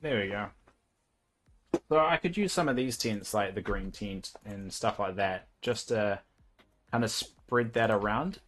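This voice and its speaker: A man's voice: on the low side, a little slow, fairly bright tone. A young man with a New Zealand accent, chatting casually as a livestreamer while he plays a game and thinks aloud with plenty of fillers.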